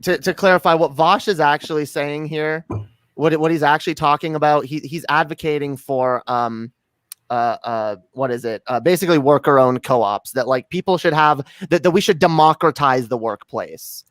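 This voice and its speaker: Canadian man, chatty and filler-heavy, fairly high voice. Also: moderate pace, fairly bright tone, no echo. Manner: joking, rambling with many fillers and restarts. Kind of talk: casual podcast chat.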